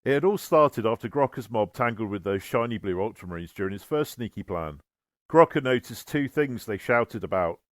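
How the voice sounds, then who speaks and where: A man reading a humorous story aloud with wry, deadpan comic timing. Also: lowish voice, normal speed, no room sound, studio quality. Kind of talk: humorous scripted narration.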